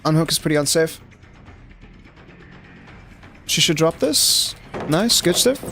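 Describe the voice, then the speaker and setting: Young man, raspy-edged and slightly high, loose chatty gaming commentary. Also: expressive, slow pace, sharp tone, soft background music. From South Africa. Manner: casual, chatty, lots of "like" fillers, addresses chat. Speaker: streamer. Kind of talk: live gameplay commentary.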